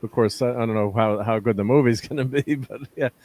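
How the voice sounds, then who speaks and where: Brief: easygoing male host, mid pitch, brief yeps and nods. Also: fairly quick, darkish tone. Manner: laid-back, short agreeing replies. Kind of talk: casual chat.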